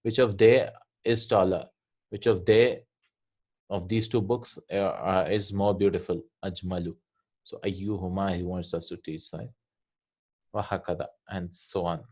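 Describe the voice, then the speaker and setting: A man's voice: deep voice, steady tone, a little slow, darkish tone. A man teaching an Arabic grammar lesson from a textbook, explaining each point and often checking with "right?".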